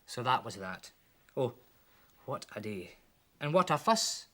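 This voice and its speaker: A children's TV presenter reading a comic poem aloud for children with animated, dramatic delivery. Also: medium pitch, a little slow. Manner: animated, with voices for the characters.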